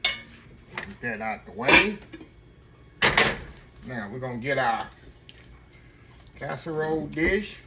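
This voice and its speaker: A man's voice: medium pitch, lively intonation, slow pace, vocal fry, long pauses, very noisy. A man giving a casual cooking demonstration, chatting to his viewers and calling them y'all. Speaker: home cook hosting a cooking channel.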